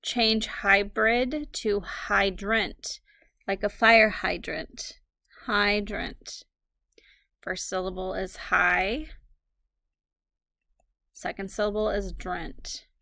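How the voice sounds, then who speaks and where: A woman teaching a recorded phonics lesson, slowly dictating words and spelling them out letter by letter. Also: mid-range voice, steady tone, gravelly, bright, forceful tone, dry recording, clean studio sound.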